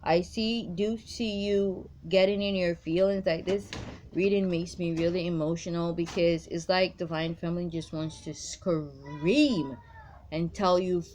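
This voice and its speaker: A woman's voice: lowish voice, a little mellow. A woman doing a tarot reading straight to the viewer, blunt and emphatic, swearing freely and repeating her points. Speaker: tarot card reader.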